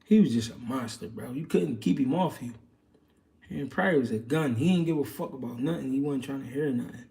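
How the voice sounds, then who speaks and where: A man's voice: mid-range voice, brisk, creaky, warm tone, recorded from a distance. A man hosting a livestream, answering viewer questions in casual, slangy boxing chat with loose street talk and many fillers.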